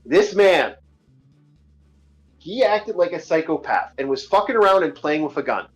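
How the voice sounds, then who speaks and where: A man's voice: on the high side, lively intonation, normal speed, breathy edge, faint music behind, poor audio. A man co-hosting a podcast in casual chat, telling rambling stories with lots of restarts and swearing. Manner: rambling storyteller, repeats and restarts, swears freely. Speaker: podcast co-host.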